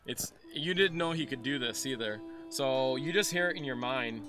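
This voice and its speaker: A young man narrating as game master, chatty and animated, restarting his sentences often. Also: medium pitch, moderate pace, music in the background.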